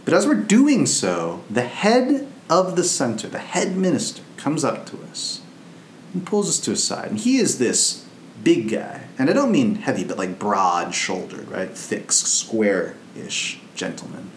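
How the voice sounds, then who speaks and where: A man's voice: mid-range voice, very animated, a little slow, echoey room, slight background noise. A man, a Buddhist monk, giving a casual storytelling Dharma talk in a loose, conversational, anecdotal way.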